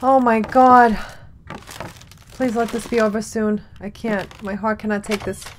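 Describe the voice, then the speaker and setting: A woman's voice: medium pitch, level tone, normal speed, slight background noise. A young woman giving let's-play commentary on a horror game, swearing and breaking into frightened exclamations. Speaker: gamer playing a horror game.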